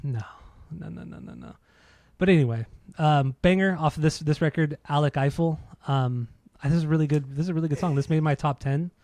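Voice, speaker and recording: A man's voice: a little high, steady tone, fairly quick, few pauses, a little mellow, dry recording. A man co-hosting a casual music podcast, laid-back and swearing, laughing often. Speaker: podcast co-host.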